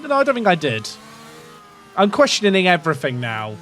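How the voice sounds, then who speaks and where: A man's voice: sits high, huge pitch swings, moderate pace, a bit bright. A young English man casually commentating a racing management game, rambling and questioning himself as he talks to his chat. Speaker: gaming streamer.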